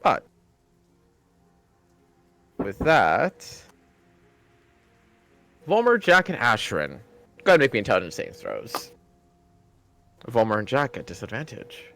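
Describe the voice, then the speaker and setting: A man's voice: mid-range voice, big pitch swings, a little slow, creaky, long pauses, a bit bright, dry recording, faint music behind. A man narrating as dungeon master in a casual tabletop game, swearing freely and laughing often between lines.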